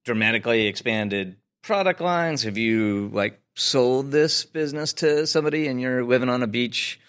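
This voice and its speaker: A man's voice: medium pitch, normal speed, fairly bright tone, smooth. A man hosting a podcast, asking questions in a joking, rambling way with many fillers. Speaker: podcast host. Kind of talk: conversational podcast interview.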